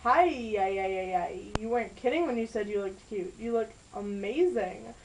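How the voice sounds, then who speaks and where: A woman's voice: medium pitch, normal speed, slight background noise, lightly acted, low-quality recording. A woman voicing a sweet, devoted teenage boyfriend, read in an earnest, apologetic way. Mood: tender.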